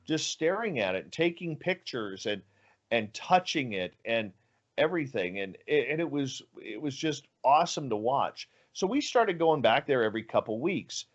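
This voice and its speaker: An animated male storyteller with a mid-pitched voice, letting it sink low and hushed at the tense moments. The audio is dull and lo-fi. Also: normal speed. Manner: animated storyteller, drops low and quiet for suspense. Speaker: guest radio host. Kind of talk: storytelling on a podcast.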